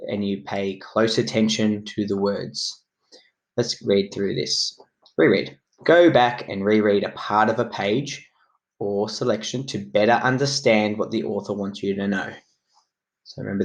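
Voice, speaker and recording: Recording a reading lesson from what sounds like his classroom, a male primary school teacher speaks in a fairly low voice. His pace is slow and his words clear and encouraging, aimed at young children.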